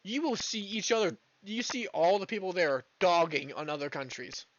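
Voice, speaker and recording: A man's voice: high-pitched, moderate pace, dry recording, dull audio. Rambling, foul-mouthed male streamer. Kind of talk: casual rant while gaming.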